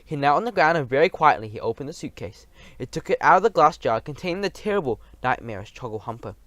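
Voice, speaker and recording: A man narrating a children's story in an expressive, animated way, with small slips. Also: on the high side, fast, dry recording. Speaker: audiobook reader.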